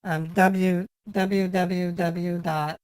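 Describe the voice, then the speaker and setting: A man's voice: sits high, level tone, drawn-out words, a little mellow, smooth, no room sound, low-quality recording. A man doing a fussy, chatty lady caller. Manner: chatty, nitpicking, mock-flirtatious. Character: fussy, prim 36-year-old woman customer. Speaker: scambaiter. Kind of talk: prank phone call role-play.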